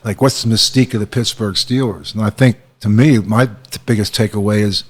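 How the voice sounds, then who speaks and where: A man in his sixties, a guest at a bar, chatting casually and telling animated stories. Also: on the low side, a little fast, breathy edge. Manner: animated storyteller, acts out quotes. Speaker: guest, former head coach.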